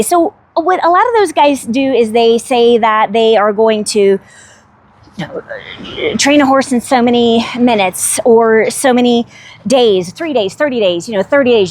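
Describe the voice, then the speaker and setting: Speaking to camera at a horse ranch, a woman who works as a veterinarian and animal trainer talks casually but with emphasis. Her voice is on the high side.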